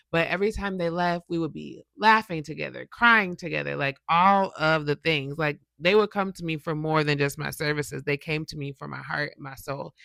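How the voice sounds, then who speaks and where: A woman giving a casual motivational talk straight to her viewers, chatty and animated, checking in with them often. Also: low voice, gravelly, dry recording. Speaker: motivational YouTuber and podcast host.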